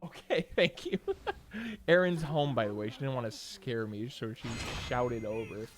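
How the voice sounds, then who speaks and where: A man's voice: mid-range voice, moderate pace, slight background noise. A young man streaming from home, chatting casually and rambling between game moments, with plenty of swearing and "like". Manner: rambling and profane, with frequent "like" and restarts. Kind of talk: casual chat while gaming.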